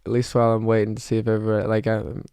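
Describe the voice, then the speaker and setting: Low, gravelly, and dark, this young South Georgia streamer talks very fast in a completely flat delivery, recorded clean with no room sound. He's in his twenties, chatting loosely with viewers and reading chat, full of fillers and false starts.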